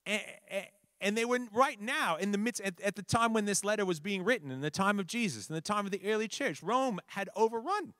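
A man preaching a conversational sermon, animated, repeating words for emphasis and checking in with listeners. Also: high-pitched, brisk, no echo, studio quality.

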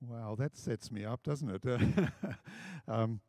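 A man's voice: medium pitch, takes it slowly, mellow. A man opening his sermon as guest preacher, humble and lightly amused.

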